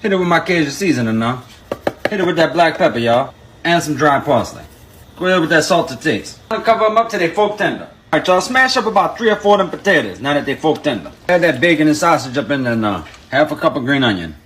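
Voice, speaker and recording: A man's voice: on the high side, big pitch swings, fast talker, a bit bright, a little hiss or hum. A man calling out the steps of a cooking video in a folksy way, talking straight to the viewers. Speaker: home cook.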